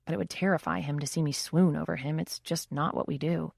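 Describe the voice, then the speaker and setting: A woman's voice: sits low, steady tone, fairly quick, vocal fry, a little mellow, slightly rough, no echo. A woman reading a first-person audiobook in a wry, intimate inner-monologue manner, close to the mic. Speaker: audiobook narrator.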